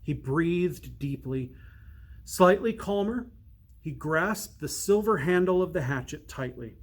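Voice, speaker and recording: Slow, measured male storyteller. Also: a little high, lively intonation. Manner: slow, measured, hushed for suspense. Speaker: priest reading to children. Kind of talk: storybook read-aloud.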